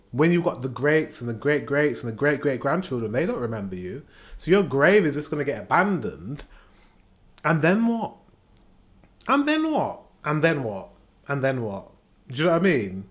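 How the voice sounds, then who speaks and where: A man chatting through a reaction video in an everyday mid-range voice. He gets excitable, breaks into laughs and fires off the same question again and again. The delivery is loose and unscripted. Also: mid-range voice, fairly quick. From United Kingdom. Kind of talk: casual reaction commentary.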